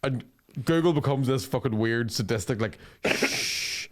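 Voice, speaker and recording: A man's voice: medium pitch, a little fast, a little mellow. A man, co-hosting a podcast in a sweary, joking, casual chat. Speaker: podcast co-host.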